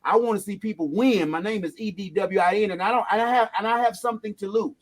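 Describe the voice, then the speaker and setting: High-voiced man hosting a podcast. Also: quick pace. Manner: emphatic, preacher-like praise. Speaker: podcast host and DJ. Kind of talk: casual podcast chat.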